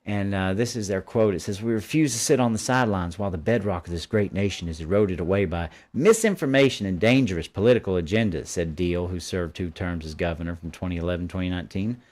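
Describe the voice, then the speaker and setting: Low-voiced combative man reading news. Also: quick pace, few pauses, darkish tone. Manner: combative, dismissive, stops to editorialize. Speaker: host. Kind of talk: live commentary, reading articles aloud.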